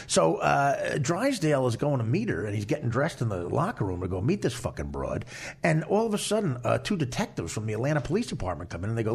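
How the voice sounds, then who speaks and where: Gravelly man telling a profane story. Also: medium pitch, quick pace. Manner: profane, animated anecdote-telling. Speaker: podcast host. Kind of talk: casual storytelling chat.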